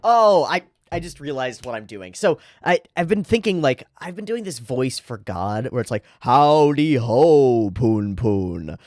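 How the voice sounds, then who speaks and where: A man's voice: fairly high pitch, big pitch swings, normal speed, hardly any pauses, dry recording, clean studio sound. A man hosting a channel, reading a manga aloud with chatty, casual commentary and casual swearing. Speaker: manga reader and channel host.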